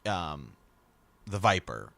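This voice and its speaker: A man's voice: low voice, slow pace, vocal fry, dry recording. A man co-hosting a podcast, chatting casually about a book and reading passages aloud. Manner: reads passages aloud, agreeable, animated asides. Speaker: podcast co-host.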